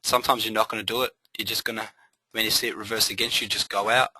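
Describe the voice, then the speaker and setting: A man giving a live trading webinar, energetic and motivational, repeating phrases for emphasis. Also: on the low side, fast, husky, no echo, low-quality recording.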